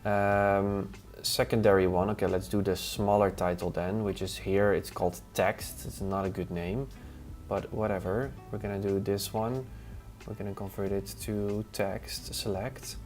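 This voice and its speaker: An unhurried man with a lowish voice. He's casually live streaming as he tests design software, muttering to himself and responding to chat between tasks, with relaxed music going in the background.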